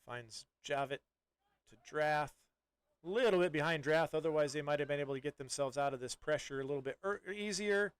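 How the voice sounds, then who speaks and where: A man doing live play-by-play soccer commentary in a relaxed, chatty way, with many fillers and restarts. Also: on the high side, a little fast, smooth, dry recording.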